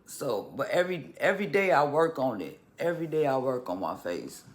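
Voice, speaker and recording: A man talking casually to camera in a vlog, halting and restarting, with occasional stutters. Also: medium pitch, sing-song. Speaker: vlogger.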